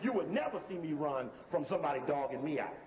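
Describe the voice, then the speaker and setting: Talking directly to the listener, this man comments casually and emphatically on video footage, calling for it to be stopped and rewound. He speaks quickly in a slightly high voice with big pitch swings, on a lo-fi recording with a long reverb tail and slight background noise.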